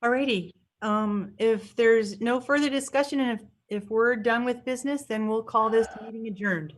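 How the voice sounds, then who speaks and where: A woman chairing a meeting, briskly wrapping up business to adjourn. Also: fairly high pitch, far from the mic.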